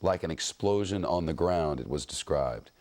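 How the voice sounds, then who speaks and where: A man anchoring live breaking news coverage in a somber, deliberate way, with some fillers. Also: extremely low pitch, animated, a little mellow.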